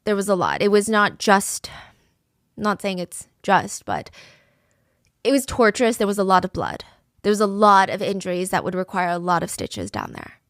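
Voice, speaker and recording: A woman's voice: medium pitch, sing-song, moderate pace, a bit bright, no room sound, studio quality. A woman telling a true crime story in a casual, conversational way, with fillers like "like" and "I mean".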